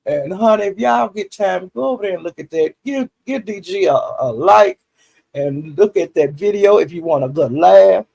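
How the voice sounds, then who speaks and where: A man's voice: high-pitched, expressive, normal speed, gravelly, darkish tone. A man, recapping online drama in a rambling, folksy way full of fillers. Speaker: YouTube commentary host.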